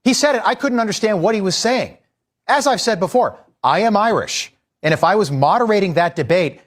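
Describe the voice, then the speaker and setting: A man's voice: high-pitched, animated, fairly quick. A man giving an exasperated, emphatic opinion monologue as a TV news host.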